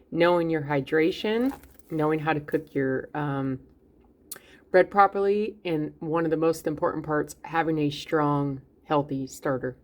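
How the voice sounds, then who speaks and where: Woman, low gravelly voice, chatty home-baking host who talks straight to viewers. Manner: chatty, encouraging, addresses viewers directly. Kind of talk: casual cooking vlog talk.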